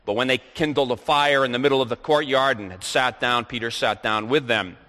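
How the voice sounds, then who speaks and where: A man's voice: mid-range voice, a little fast, sharp tone. A man preaching a sermon, reading scripture aloud and then explaining it. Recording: long reverb of a large hall.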